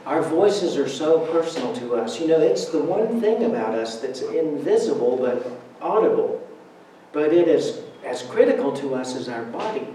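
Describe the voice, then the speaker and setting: Man giving a roomy, mellow church talk. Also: fairly high pitch, expressive, normal speed, a little hiss or hum. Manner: conversational, humorous storytelling with laughs. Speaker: speaker giving a Sunday talk. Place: church sanctuary. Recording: roomy church hall, speaker far from mic.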